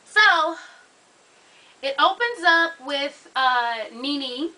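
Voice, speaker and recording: A woman's voice: high-pitched, animated, extremely slow, bright, forceful tone, rough recording. A woman giving a casual, sassy recap of a reality show episode. She swears freely and keeps calling her listeners honey.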